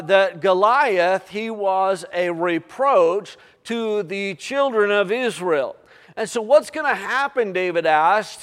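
An older man preaching a sermon, halting and full of uh fillers and restarts. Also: high voice, smooth, long reverb tail. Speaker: pastor.

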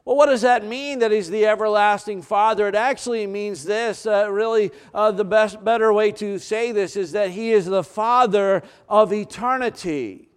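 In a smooth, resonant, fairly high voice, a male pastor works through a sermon using repetition and well-timed dramatic pauses. Now and then he stumbles into fillers or starts a sentence over.

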